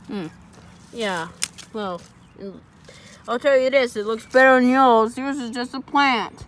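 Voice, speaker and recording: A man's voice: very high-pitched, measured pace, long pauses, noisy background. A man voicing a laid-back cartoon octopus in a homemade cartoon, drawling easily with many fillers. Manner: drawling, easygoing, lots of fillers.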